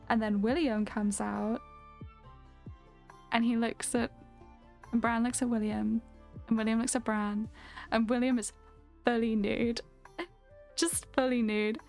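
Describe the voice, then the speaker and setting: A woman streamer chatting slowly and casually, rambling through stories with many fillers and frequent giggles. Her voice sits a touch high, with faint lo-fi music in the background. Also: steady tone, darkish tone. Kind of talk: casual chat.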